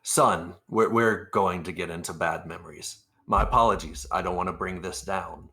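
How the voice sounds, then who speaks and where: Man playing a gruff old soldier. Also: sits low, fairly even intonation, moderate pace, pushed and bright. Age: older (figure). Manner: gruff, calls others son.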